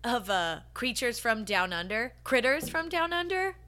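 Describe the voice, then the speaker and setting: A woman's voice: on the high side, sing-song, a little slow, sharp tone, a little hiss or hum. A woman co-hosting a podcast, chatting casually, swearing freely and filling her talk with "like" and "um.". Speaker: podcast co-host.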